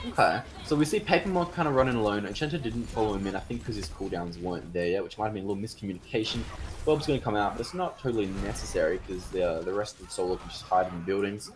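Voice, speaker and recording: A low-voiced man calling live esports play-by-play. He is chatty and excitable and jumps into loud cheers when a fight breaks out. There is a faint hiss of noise underneath. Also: rapid-fire. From Australia. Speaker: esports caster.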